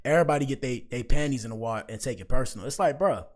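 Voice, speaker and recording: A man's voice: mid-range voice, rapid-fire. A man talking casually to his chat as a livestream commentary host, rambling and slangy. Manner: rambling, slangy, addresses chat often with "bro".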